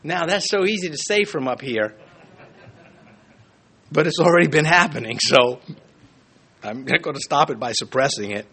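A male pastor delivers a sermon in a bright, high voice that leaps up and down with energy. He punctuates his points with emphatic bursts and playful asides, then drops suddenly to a softer tone. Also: gravelly, husky. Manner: animated, emphatic, joking asides with quick swings between loud and soft.

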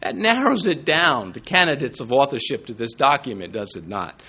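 A male pastor preaching a sermon, emphatic and animated. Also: moderate pace, husky. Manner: animated, emphatic preaching with big swings in pitch.

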